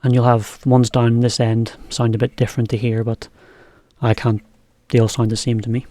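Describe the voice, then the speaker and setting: A man giving a relaxed, chatty language lesson. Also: mid-range voice, normal speed, no room sound, clean studio sound. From England. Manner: relaxed, chatty, laughs often. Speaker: English teacher. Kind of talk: casual lesson commentary.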